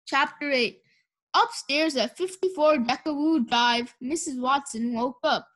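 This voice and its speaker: A woman reading a children's storybook aloud in a clear, measured way. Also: high-pitched, fairly bright tone. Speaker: audiobook reader.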